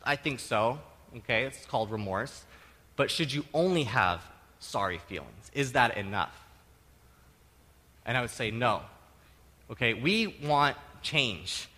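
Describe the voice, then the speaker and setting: A middle-aged man delivers a sermon in a bright, forward voice that ranges widely in pitch. He keeps things conversational with frequent tag questions and breaks into loud, animated acted-out quotes. The sound carries a long hall reverb from a church sanctuary. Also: measured pace, long pauses. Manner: animated, acts out quotes with sudden loud outbursts. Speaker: pastor.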